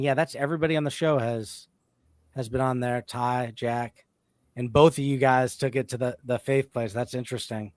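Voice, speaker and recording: A podcast host chats casually in a mid-range, slightly bright voice with a clean tone and no echo. He rambles, often breaking off and restarting his sentences.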